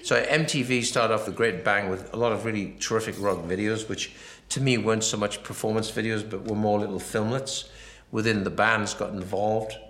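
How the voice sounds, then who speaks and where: Deep voiced man rambling through a film commentary, acts out the dialogue, roomy echo. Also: fairly even intonation, normal speed, hardly any pauses, fairly bright tone. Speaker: film director.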